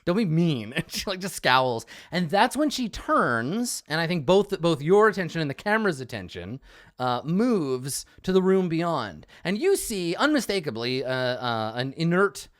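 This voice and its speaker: Lively-voiced game master. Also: medium pitch, normal speed, dry recording, clean studio sound. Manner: loose and chatty, laughs often. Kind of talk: narrating a tabletop game.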